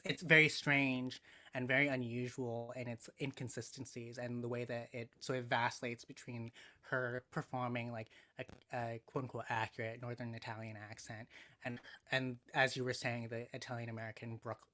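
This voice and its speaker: A man's voice: medium pitch, sharp tone. A man in casual podcast talk as a guest writer, thoughtful and hesitant, with many fillers.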